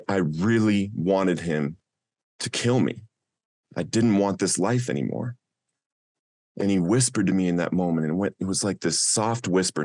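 A man's voice: low voice, darkish tone, no room sound, clean studio sound. A man, a podcast guest, telling his own recovery story in an earnest, heartfelt way.

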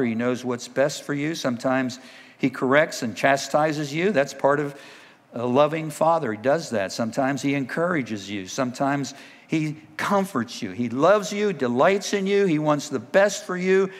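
A man preaching a sermon as the church's pastor, now and then breaking into loud dramatic cries when he acts out a scripture scene. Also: a little high. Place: church sanctuary. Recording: long reverb of a church hall.

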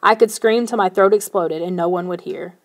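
A woman's voice: medium pitch, brisk. Woman reading a novel aloud. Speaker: audiobook narrator. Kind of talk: first-person audiobook narration.

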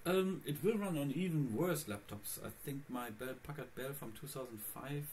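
A man's voice: medium pitch, moderate pace, a little mellow, a little hiss or hum. A man vlogging casually about his computer setup, rambling and talking straight to his viewers. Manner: rambling, chatty, addressing viewers. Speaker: Linux vlogger. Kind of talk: casual screencast vlog.

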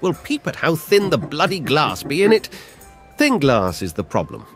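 A man's voice: a little high, huge pitch swings, normal speed, faint music behind, pitched above the performer's own voice. A man voicing a blunt, dismissive British man in a comic skit. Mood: mocking.

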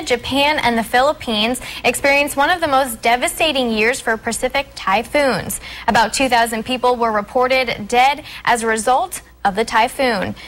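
A young woman hosts a local TV morning show, her voice pitched a little high. She reads contest details and a history segment briskly and teases her co-host. She sounds upbeat in a studio setting. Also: a bit bright, slight background noise, rough recording. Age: young adult. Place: TV news studio.

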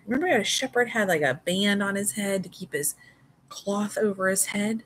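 A woman telling a Bible story to toddlers in an exaggerated, sing-song way, dropping to soft whispers for prayers. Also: medium pitch, normal speed, a little hiss or hum, low-quality recording. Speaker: toddler Sunday school teacher.

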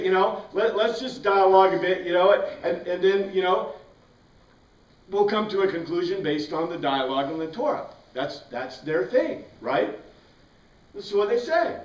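A man teaching a Bible class, questioning his students and answering his own questions. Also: high-pitched. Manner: asks the class questions and answers them himself. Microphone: far from the mic. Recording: roomy, distant, dull classroom recording.

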